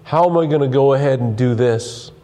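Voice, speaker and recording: Preaching man with a mellow voice. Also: mid-range voice, fairly quick. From United States. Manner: earnest preaching with repeated restarts, reading King James scripture aloud. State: losing his voice. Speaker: pastor. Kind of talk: sermon.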